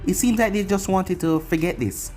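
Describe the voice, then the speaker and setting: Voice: medium pitch, moderate pace, a little mellow, faint music behind. A narrator reading an anime fan fiction story aloud in a plain storytelling way.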